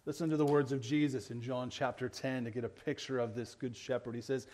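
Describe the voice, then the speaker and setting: A male pastor preaching a sermon, earnest, often checking in with the congregation and moving between loud emphatic lines and quiet low ones. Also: steady tone, fairly quick, hardly any pauses. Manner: earnest preaching, keeps asking the congregation "right?".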